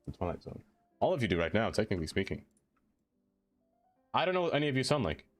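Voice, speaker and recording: A man's voice: lowish voice, sing-song, quick pace, soft background music. A man live-streaming a city-building game, chatting casually with his viewers and laughing often.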